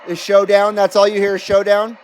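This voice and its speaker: A man in his fifties hosts a casual CB radio live stream from his home radio room, laid-back and jokey as he reads viewer comments and calls out on air. His voice sits fairly high for a man. A faint hiss runs under the recording. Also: completely flat delivery, a little fast. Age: 50s. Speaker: CB radio livestream host.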